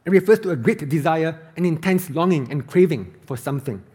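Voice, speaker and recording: A man's voice: fairly high pitch, expressive, fairly quick, a little mellow, slightly rough. A man preaching an earnest, emphatic sermon as a pastor, reading scripture aloud.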